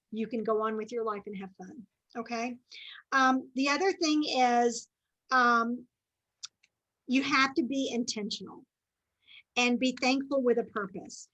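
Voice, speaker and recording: Bright, high-voiced woman giving a chatty pep talk. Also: a little slow, rough recording. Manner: chatty and earnest, with frequent asides and restarts. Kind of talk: faith-based motivational talk.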